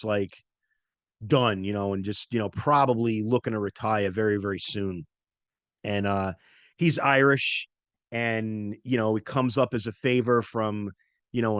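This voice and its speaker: A man's voice: medium pitch, fairly bright tone, no echo. Rambling middle-aged man reviewing movies. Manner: rambling, many fillers and self-corrections. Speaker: podcast host. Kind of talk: casual movie review talk.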